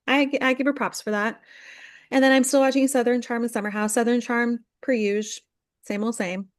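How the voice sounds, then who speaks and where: A woman's voice: a little high, brisk, dry recording, studio quality. A young woman co-hosting a podcast, chatting casually about reality TV and acting out people's quotes in a run of "like"s. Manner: chatty, animated, acts out quotes with lots of "like". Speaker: podcast co-host. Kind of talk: casual chat recapping reality TV.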